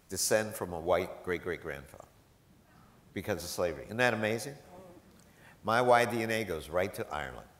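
Male professor, gala storyteller, slightly low voice, animated and self-mocking, echoey hall sound. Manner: animated, self-deprecating, laughs often. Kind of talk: storytelling anecdotes to a live audience. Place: large event hall.

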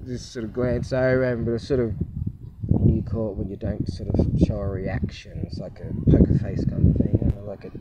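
A man's voice: on the low side, flat delivery, fairly quick. A middle-aged man vlogging in a loose, rambling way, chuckling often and full of fillers and restarts. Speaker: channel host. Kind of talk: casual rambling vlog chat. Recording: muffled, distant, loud background noise.

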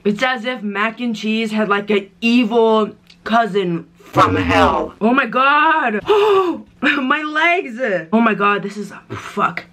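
A woman's voice: a little high, lively intonation, slow, a bit bright. A young woman in a casual eating vlog, talking in a dorm room, swearing and gasping at the heat of the food. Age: young adult. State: in pain from spice, coughing. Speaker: vlogger. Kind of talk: casual mukbang chat.

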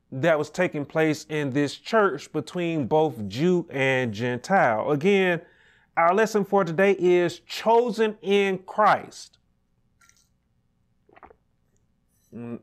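A man teaching a Sunday school Bible lesson, measured and repetitive, checking in with "right?" as he explains. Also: a little high, clear, resonant tone. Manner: measured, repeats key points, asks "right?".

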